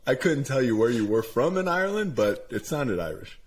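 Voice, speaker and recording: A man's voice: medium pitch, sing-song, brisk, slight background noise. A man co-hosting a casual podcast, agreeable, laughing along and chiming in. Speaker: podcast co-host, instructor.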